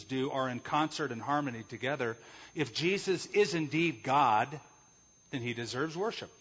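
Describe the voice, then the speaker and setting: A man's voice: on the high side, fairly bright tone, slightly rough. A male pastor preaching an emphatic sermon, explaining Greek words and posing rhetorical questions. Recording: echoey hall, dull lo-fi sound.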